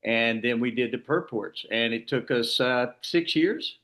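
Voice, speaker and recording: A man's voice: mid-range voice, unhurried, a bit bright. A man leading an informal scripture class, explaining at length with frequent restarts. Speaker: class leader.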